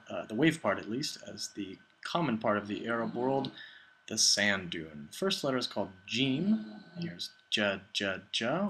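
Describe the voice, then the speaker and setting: Bright, playful male Arabic teacher. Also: on the low side, rough recording. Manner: patient, playful, sounds letters out slowly and repeats them. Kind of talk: explanatory lesson narration.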